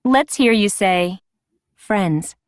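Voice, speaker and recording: A woman's voice: medium pitch, animated, drawn-out words, no echo. A woman giving scripted prompts as the instructor of a recorded language course. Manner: clear, prompting. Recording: dry studio recording from a course.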